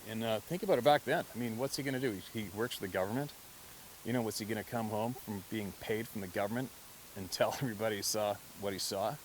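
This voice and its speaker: An adult man telling a story in a relaxed, conversational way, with frequent swearing and bursts of laughter. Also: on the low side, fast talker, slight background noise, low-quality recording. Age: adult, past mid-twenties. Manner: conversational, profane, laughs often. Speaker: hunter telling encounter stories. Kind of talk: casual spoken storytelling.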